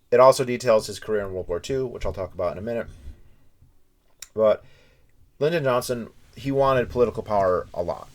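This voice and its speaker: A man with a notably deep, low-pitched voice reviews a book in a relaxed, unscripted way. He talks like he is telling a friend a story, winding through anecdotes with little asides.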